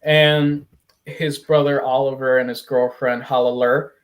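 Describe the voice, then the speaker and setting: A man's voice: mid-range voice, flat delivery, unhurried. A man co-hosting a podcast, recapping a comic in a casual, crude and joking way and acting out the characters' quotes. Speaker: podcast co-host.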